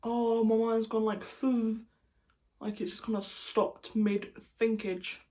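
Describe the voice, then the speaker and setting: A woman's voice: on the high side, flat delivery, slow pace, warm tone. A British woman chatting casually to camera, rambling and jokey, going off on tangents. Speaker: YouTuber. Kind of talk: casual vlog chat.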